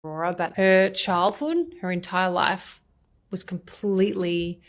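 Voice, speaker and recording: An Australian woman TV journalist speaking in a measured, earnest way about an interview she did. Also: fairly low pitch, fairly even intonation. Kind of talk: calm TV interview narration.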